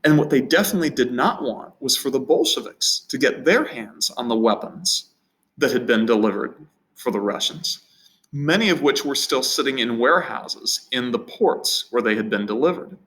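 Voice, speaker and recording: A man's voice: medium pitch, expressive, moderate pace, a bit bright, rough recording. A man teaching a history lesson in an unscripted, conversational way, often repeating words and restarting phrases. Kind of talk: recorded history lecture.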